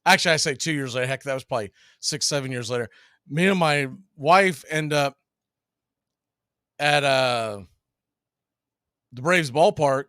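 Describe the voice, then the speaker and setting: A middle-aged man doing casual baseball play-by-play, telling long stories between pitches and laughing as he goes. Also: normal speed, long pauses, fairly bright tone, smooth, dry recording, clean studio sound.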